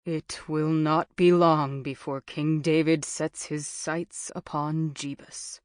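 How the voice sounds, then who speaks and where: Woman doing a grave ancient father, low, slow, steady, dry sound. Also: no echo.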